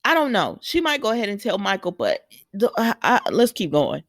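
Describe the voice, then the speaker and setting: A woman's voice: medium pitch, big pitch swings, brisk, no echo, clean studio sound. A woman casually recapping soap opera episodes for viewers, retelling scenes with quoted lines and adding opinionated asides. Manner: opinionated asides scolding characters.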